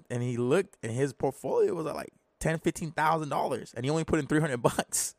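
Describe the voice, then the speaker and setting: A man's voice: medium pitch, brisk, no echo. A man casually telling a personal story, rambling and self-deprecating, with frequent restarts. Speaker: storyteller sharing his own money story.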